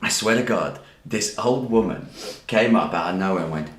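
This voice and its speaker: A livestream host with a deep, fairly quick voice chats casually and tells a story, animated and laughing often through his own anecdote. The recording has a roomy echo and faint background hiss.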